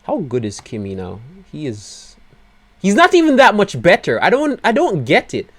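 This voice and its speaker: A man commentating live on his own gameplay, his voice going hoarse as he swings between low despairing mutters and loud excited outbursts. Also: moderate pace. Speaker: gaming video creator.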